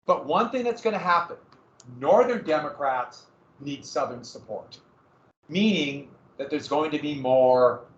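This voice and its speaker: A man lecturing a history class, his voice a bit higher than most. He talks casually, asks questions back at the class and often restarts his sentences. The recording sounds roomy and a little dull. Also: lively intonation, measured pace. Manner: conversational, rhetorical questions, frequent self-corrections. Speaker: history teacher.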